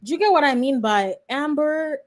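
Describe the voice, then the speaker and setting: A woman's voice: high-pitched, expressive, moderate pace. A woman in her twenties, a law student reacting live and chatting straight to her viewers. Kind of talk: live reaction stream commentary.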